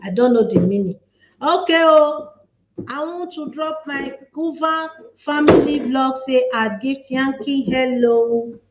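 A playful Nigerian woman hosts a live stream, chatting loosely and reading comments aloud. Her voice sits high and she talks at an unhurried pace. The sound is echoey and a little dull. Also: slight background noise. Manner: playful, chatty, mixes pidgin with English. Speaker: livestream host.

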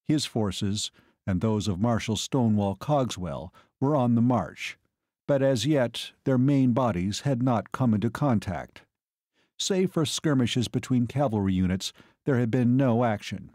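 A man narrates an audiobook from a script, telling the story in a steady, measured way. His mid-range voice is captured with studio quality and no room sound.

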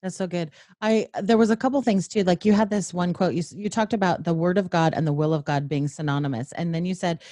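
Woman podcast host, affirming and thoughtful, mellow voice, dry close mic. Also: lowish voice, steady tone, fast, few pauses, no room sound. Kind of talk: interview chat.

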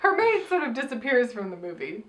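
A woman co-hosting a relaxed movie review podcast, talking in a chatty, rambling way with her co-host. Her voice sits on the higher side. She moves from one scene to the next and keeps the flow conversational. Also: fairly quick. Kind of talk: casual movie review chat.

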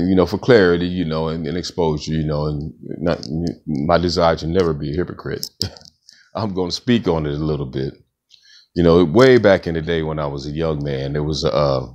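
A middle-aged man casually telling a personal story, rambling and slangy, with lots of fillers. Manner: rambling, slangy, acts out quoted friends in a higher voice. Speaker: author and storyteller.

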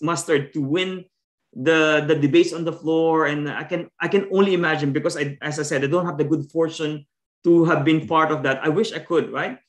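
A man gives a scholarly talk as a discussant, his voice pitched slightly above the usual male range. He moves at a measured pace, leaning on fillers and small restarts. The video-call audio sounds roomy and echoey. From Philippines. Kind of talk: academic lecture.

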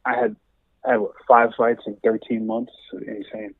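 A man's voice: medium pitch, very animated, normal speed, vocal fry, a crowd in the background. Laid-back man on a phone line. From Jamaica. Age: 20s. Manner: laid-back, laughs easily, swears casually. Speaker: guest fighter calling in. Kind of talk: casual phone interview.

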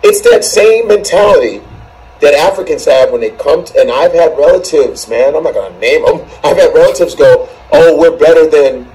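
Animated, profane comedian ranting. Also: male voice, a little high, moderate pace, poor audio. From United States. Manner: animated, profane, shouting peaks. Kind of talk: comedic rant in a played clip.

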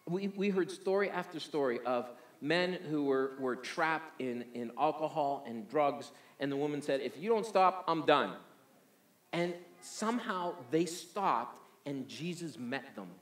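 A man's voice: on the high side, measured pace, hardly any pauses, reverberant. A man preaching a sermon energetically, often repeating words as he restarts. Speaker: pastor.

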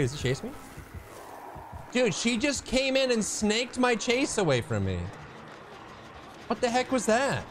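A man commentating his own gameplay, excitable and teasing, swinging from quiet mutters to sudden shouts. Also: extremely high pitch, slight background noise. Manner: banters with the opponent, teasing.

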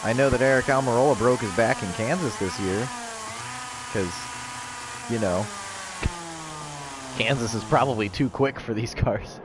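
A man streaming a racing game, chatting casually with viewers and bursting into excited race calls. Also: medium pitch, normal speed, pauses often, background noise. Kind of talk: casual livestream chat with race commentary. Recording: game sound in the background.

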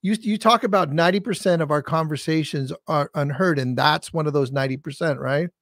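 Man, podcast host, casual interview, enthusiastic, fairly high voice, dry sound. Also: fairly quick, fairly bright tone, no room sound. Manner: enthusiastic, with many fillers and restarts.

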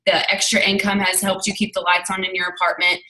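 A woman's voice: medium pitch, monotone, brisk, bright, forceful tone, recorded from a distance, poor audio. A young woman leading a sales team gives a chatty, candid motivational talk, telling stories and acting out dialogue. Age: young adult. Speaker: network marketing team leader.

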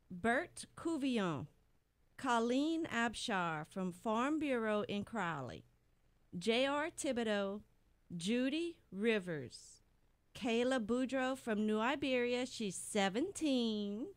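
Chatty woman radio host, slow and high. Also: clean tone. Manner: chatty, laughs at her own slips. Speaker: radio host reading birthdays. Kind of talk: casual radio segment.

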